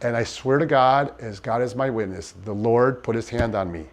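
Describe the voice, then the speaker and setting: A man in an interview, giving personal testimony in a halting, earnest way with many restarts. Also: mid-range voice. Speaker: interviewee in a docuseries.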